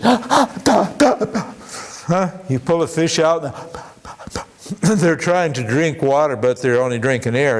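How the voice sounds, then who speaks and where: A man giving an informal workshop talk as a spiritual teacher, animated and acting out the voices he quotes. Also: mid-range voice. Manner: animated, acts out quoted voices, chuckles between points.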